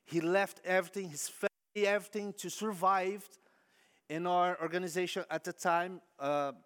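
A man preaching a sermon in English that is not his first language, telling stories with lively acted-out quotes. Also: high-pitched. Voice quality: non-native English phrasing. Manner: animated storytelling, acting out quoted voices.

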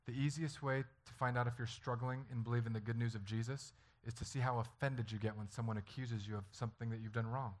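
A man's voice: medium pitch, steady tone, fast, few pauses. A man preaching a sermon as a pastor, talking earnestly and conversationally and acting out stories from family life.

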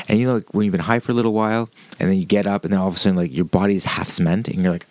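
A man's voice: deep voice, steady tone, rapid-fire, a little mellow, no echo. A man casually telling a rambling story, swearing freely, with lots of "like" and "um" along the way. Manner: rambling, profane, with frequent fillers.

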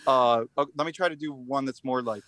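A man's voice: medium pitch, brisk, a bit bright. A man talking as a podcast guest in casual chat, rambling and swearing a lot, with self-deprecating jokes. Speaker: podcast guest, musician in a band.

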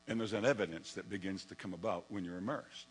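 A male pastor preaching a lively sermon and telling stories from his own life, sometimes acting out his younger self. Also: sits low, fast, husky, low-quality recording. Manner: animated storytelling, acts out his own past voice.

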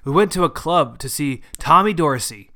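A man voicing a gruff, hard-drinking old grandfather who hollers defiantly. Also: a little high, lively intonation, normal speed, sharp tone. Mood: reminiscing. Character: gruff old male grandfather, drunk junk dealer.

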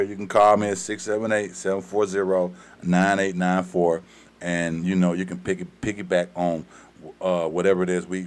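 A man's voice: fairly low pitch, clean tone. Hyped Southern man hosting a podcast. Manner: hype, repetitive, slangy. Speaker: podcast host. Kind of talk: casual podcast chat.

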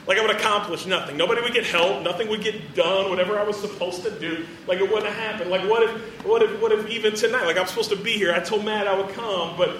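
A man preaching an animated, playful sermon to students, acting out the people in his story. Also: high-pitched, quick pace, few pauses, a little hiss or hum. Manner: animated, playful, acts out quotes. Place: large room with audience. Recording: roomy hall, distant from mic.

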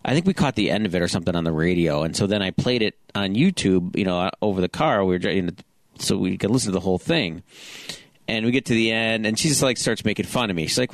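Middle-aged male podcast co-host, low-pitched, rambling storyteller, dry close sound. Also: lively intonation, fairly quick, no room sound. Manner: rambling, self-deprecating storyteller with frequent restarts. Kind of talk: casual chat.

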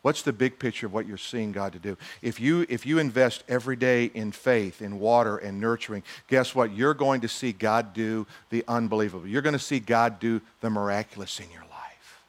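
A man's voice: fairly low pitch, normal speed. A male pastor preaching a sermon in a conversational style, with humorous asides and acted-out quotes.

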